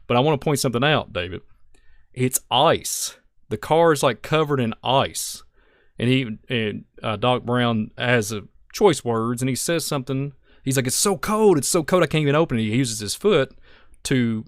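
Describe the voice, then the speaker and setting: A man co-hosting a podcast, talking through a film slide by slide in a rambling, excitable way with many restarts. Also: medium pitch, no echo, studio quality. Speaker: podcast co-host. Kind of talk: casual film-analysis chat.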